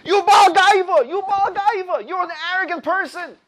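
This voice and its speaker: A man voicing a scornful man who rises from a bench and shouts accusations at an intruder. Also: sits high, lively intonation, moderate pace. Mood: scornful shouting. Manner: shouting, indignant.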